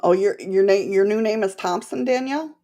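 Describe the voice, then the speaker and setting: A woman's voice: mid-range voice, fairly quick, warm tone. A woman with a slight lisp, hosting a livestream and chatting casually with her viewers in a rambling, laughing way. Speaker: livestream host.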